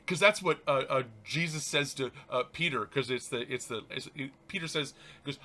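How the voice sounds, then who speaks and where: A reverend hosts his own show, reading a spiritual text aloud and commenting on it. His delivery is animated yet halting, with frequent restarts and laughter, and his voice sits fairly high.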